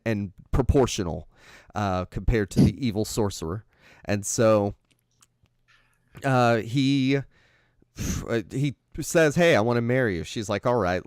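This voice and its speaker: A man's voice: mid-range voice, darkish tone, no room sound, studio quality. Man rambling through a film plot. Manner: meandering, thinking aloud while retelling a plot. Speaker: podcast co-host. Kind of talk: casual chat about films.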